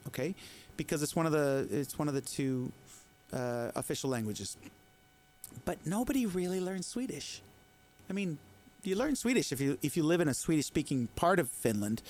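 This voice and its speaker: Animated, slightly high-voiced male streamer. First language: Spanish. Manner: animated, rambling, opinionated, reads out viewer messages. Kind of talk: casual chat answering viewers.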